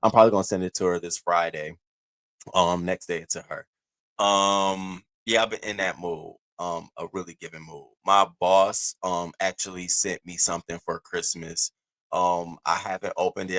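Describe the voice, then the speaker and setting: A man's voice: sits low, moderate pace, vocal fry, a bit bright. A man in his thirties hosting a casual live stream, candid and profane, swinging between laughing and heavy moments. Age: 30s.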